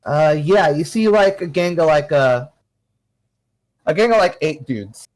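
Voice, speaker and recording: A man narrating a tabletop game as game master, halting and full of fillers. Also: a little high, lively intonation, a little mellow, rough recording.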